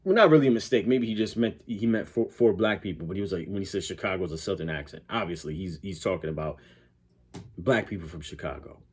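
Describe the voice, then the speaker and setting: A man's voice: deep voice, quick pace, darkish tone, husky. A man hosting a reaction video, talking in a blunt, profane, argumentative way. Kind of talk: casual reaction commentary.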